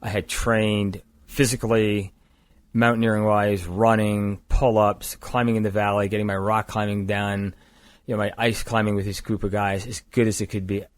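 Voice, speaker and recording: A man's voice: lowish voice, little pitch movement, normal speed, no room sound. An older man from the East Coast of the United States, a guest on a podcast, telling a long story in a matter-of-fact way. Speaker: guest, climbing gear company founder. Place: indoors across a table.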